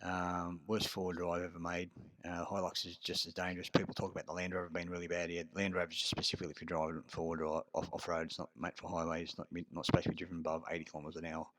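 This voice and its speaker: Deep-voiced Australian man rambling, swearing. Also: completely flat delivery, fast talker, fairly bright tone. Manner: rambling and profane, full of filler words. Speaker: vlogger. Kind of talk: casual monologue.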